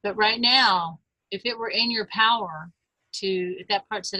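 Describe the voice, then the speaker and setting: A woman in her fifties, a life coach giving a webinar, earnest and gentle, speaking straight to her listeners. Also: medium pitch, moderate pace, no echo, dull audio.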